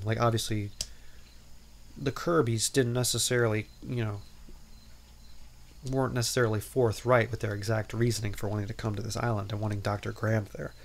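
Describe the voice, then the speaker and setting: Gravelly-voiced man rambling through a recap. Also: on the low side, flat delivery, fairly quick. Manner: rambling, filler-heavy, lots of "like" and "um"; playful, self-interrupting asides. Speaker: podcast host. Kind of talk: casual movie recap.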